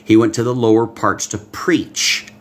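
A man preaching a livestream Bible-code sermon, excitable, swinging between hushed asides and loud exclamations and talking straight to his viewers. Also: fairly low pitch, unhurried. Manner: talks directly to viewers, reads out comments. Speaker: pastor.

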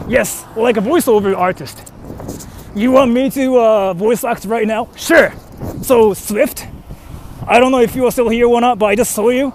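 A man's voice: high-pitched, moderate pace, a little hiss or hum. A young man, a freelance translator and voice actor, chatting casually and rambling as he walks outdoors to a station, speaking into a handheld phone. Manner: rambling, with fillers and self-questioning. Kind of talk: casual vlog talk while walking. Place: outdoors on a street, walking to a station.

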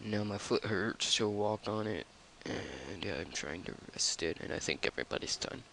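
A man's voice: lowish voice, lively intonation, normal speed, creaky, pushed and bright, slight background noise. A man giving let's play commentary with rambling, offhand asides. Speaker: gamer.

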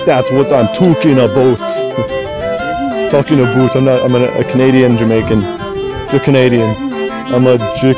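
A man's voice: medium pitch, steady tone, normal speed, pauses often. A young man joking around and narrating to the camera while hiking outdoors on a mountain trail. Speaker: vlogger. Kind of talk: casual hiking vlog. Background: music.

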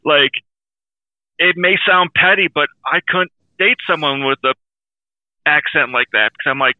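A man's voice: fairly high pitch, unhurried, no echo, narrow, tinny audio. A man co-hosting a podcast in casual chat, talking candidly and rambling with self-aware asides. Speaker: podcast co-host.

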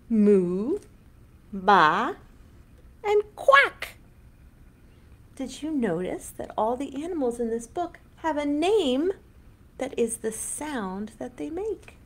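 Lively high-voiced woman reading to children. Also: drawn-out words, long pauses. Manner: animated, exaggerated sing-song delivery for young children. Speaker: children's librarian hosting storytime. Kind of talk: online children's storytime read-aloud.

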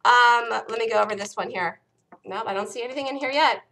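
A woman hosting a live day-trading room, calling out entries and stops in an urgent, rapid-fire way, her voice worn and close to giving out. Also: a little high, pushed and bright. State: losing her voice. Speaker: day-trading show host.

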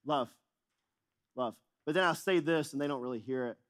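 A man's voice: a little high, normal speed, a bit bright. A middle-aged male pastor preaching a sermon in a church, emphatic and repetitive, asking the audience questions. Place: church auditorium.

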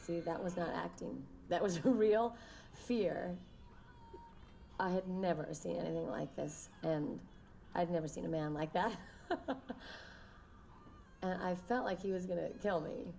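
A woman, an actress, giving commentary on a film she acted in, animated and exclaiming with laughs. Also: fairly low pitch, measured pace, vocal fry, long pauses, a little hiss or hum. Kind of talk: recorded commentary interview.

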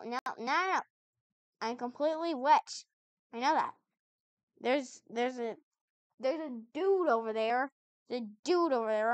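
Woman, high voice, chatty gamer commentary, bemused back-talk, dead-dry sound. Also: fairly bright tone, no echo. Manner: chatty, puzzled, talks back to the game. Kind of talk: let's-play commentary.

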